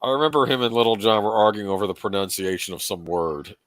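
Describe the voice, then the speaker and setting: A man's voice: on the low side, steady tone, fast, a bit bright, dry recording. A man hosting a casual watch-along commentary, chatty, laughing often and trailing off mid-sentence. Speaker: host.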